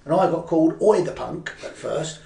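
A man's voice: fairly high pitch, normal speed, vocal fry, dark tone, distant mic. An older man from London's East End with a Cockney accent, telling stories as a guest in a rambling, casual way with many fillers and restarts. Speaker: guest poet. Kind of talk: casual interview chat. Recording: echoey room, away from the mic.

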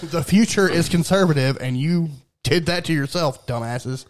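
A man's voice: a little high, moderate pace. A man co-hosting a podcast in casual, profane chat, sarcastic and telling stories. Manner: crude, sarcastic, storytelling. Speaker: podcast co-host.

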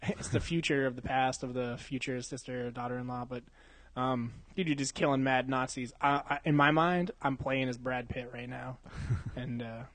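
A man's voice: medium pitch, fairly even intonation, moderate pace, fairly bright tone, no echo. Laid-back young man, dry close sound. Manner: rambling, laughs often, swears a lot. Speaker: podcast co-host. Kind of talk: casual chat.

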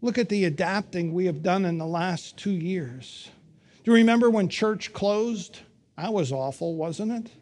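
A middle-aged man preaching a sermon, telling stories with wry humor and emphatic pauses. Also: sits high, darkish tone. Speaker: pastor.

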